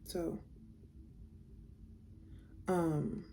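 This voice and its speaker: A woman's voice: extremely slow, dark tone, a little hiss or hum. A young woman casually telling a storytime to her viewers, reading out text messages, candid and blunt, swearing freely.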